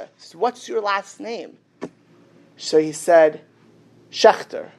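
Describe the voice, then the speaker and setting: Male rabbi, animated storyteller; sermon voice that slips into the characters' lines. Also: a little high, slow, long pauses. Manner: animated storyteller, acts out the dialogue.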